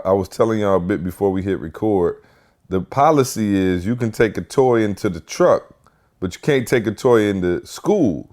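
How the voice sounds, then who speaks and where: A young adult man hosting a podcast, telling stories in a lively, chatty way and acting out other people's voices. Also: low voice. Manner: animated storyteller, acts out voices. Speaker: podcast host. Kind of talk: casual chat.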